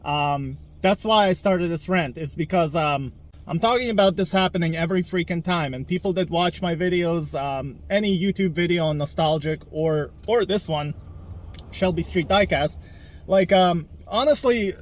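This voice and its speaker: High-voiced man ranting outdoors. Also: moderate pace, poor audio. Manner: exasperated ranting, mocks others in high voices. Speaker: vlogger. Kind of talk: ranting walk-and-talk vlog. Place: outdoors in a town, walking and driving past traffic.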